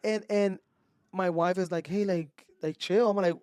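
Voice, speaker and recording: A man, a podcast co-host telling a story in animated casual chat and mixing Spanish into his English. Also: high-pitched, measured pace, clear, resonant tone, dry recording, clean studio sound. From Mexico.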